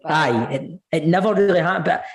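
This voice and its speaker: A man's voice: a little high, animated, fairly quick, vocal fry. A Scottish man co-hosting a football podcast, chatting casually with blunt, sweary banter. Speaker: podcast co-host. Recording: echoey room.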